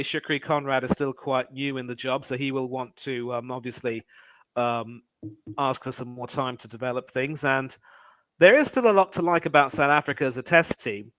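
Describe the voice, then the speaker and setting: A man talking as a guest on a sports chat, giving measured analysis hedged with fillers. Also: mid-range voice, a bit bright, dry recording, low-quality recording. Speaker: guest cricket commentator. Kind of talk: casual sports podcast chat.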